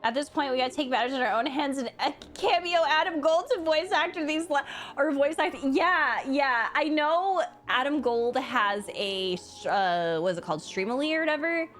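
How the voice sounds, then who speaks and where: A young woman streaming a video game, exclaiming, pleading and swearing at the screen in excitable live commentary. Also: high-pitched, normal speed, hardly any pauses, faint music behind.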